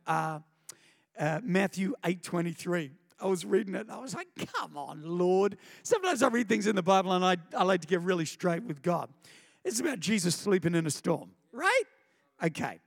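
A man preaching a sermon, telling a story with animated delivery. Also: vocal fry. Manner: animated storytelling, pitch leaps high in dramatic moments. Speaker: pastor. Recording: long hall reverb.

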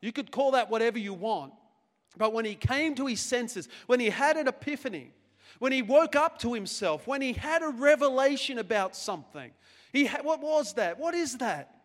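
A middle-aged pastor preaches with a notably high voice, stressing and repeating his key phrases. He slips in self-deprecating jokes between earnest points. His voice carries a long reverb from a church hall. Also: animated, normal speed. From Australia. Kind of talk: sermon. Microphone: handheld microphone.

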